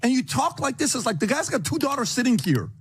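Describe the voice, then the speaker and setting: A podcast host confronting a colleague, stern and lecturing in a heated exchange. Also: male voice, very high-pitched, big pitch swings, fast talker, husky.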